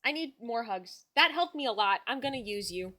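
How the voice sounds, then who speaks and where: A woman streamer talks casually with her chat from home, chatty and affectionate as she fusses over her dog. Her voice is bright and clear, pitched a little high. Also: animated, moderate pace, a little hiss or hum. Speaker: livestreamer.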